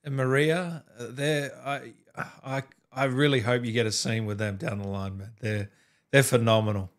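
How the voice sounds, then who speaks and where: A man's voice: mid-range voice, fairly even intonation, normal speed. Enthusiastic male host. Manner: enthusiastic, informal. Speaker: podcast host. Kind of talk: casual interview talk.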